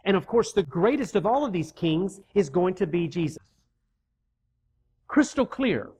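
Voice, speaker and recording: Preacher doing a sermon, punchy repeats, chatty asides to the crowd, reads the verses out loud. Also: medium pitch, very animated, a little slow, slight background noise. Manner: emphatic, repeats key words for effect; reads scripture aloud and acts out the characters' lines.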